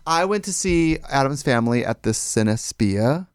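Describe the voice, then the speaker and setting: Male podcast co-host and storyteller, swooping pitch, close dry mic. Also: lively intonation, clean tone, no room sound. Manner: chatty storyteller, quick to laugh. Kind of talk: casual chat. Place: podcast studio.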